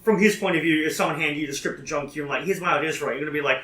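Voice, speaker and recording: A young man co-hosting a podcast, chatting casually and laughing often. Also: fairly high pitch. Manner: animated, laughs often, does quick voices. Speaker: podcast co-host. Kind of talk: casual chat. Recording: echoey room, far mic, faint noise.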